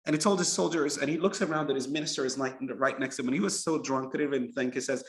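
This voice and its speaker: A man's voice: on the high side, fast, hardly any pauses. A man, an imam, telling a story in a sermon and acting out the characters. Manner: animated, acts out the characters.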